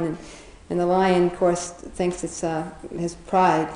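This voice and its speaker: A woman's voice: lowish voice, little pitch movement, normal speed, hardly any pauses, dark tone, echoey room, a little hiss or hum, rough recording. A woman casually retelling a children's fable, chatty, often laughing, with many fillers and restarts. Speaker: storyteller.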